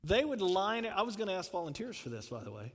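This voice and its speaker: A man's voice: high voice, big pitch swings, fast talker, big-room sound, a little hiss or hum. A man preaching a sermon in a conversational way, putting questions to the congregation and chuckling. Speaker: pastor.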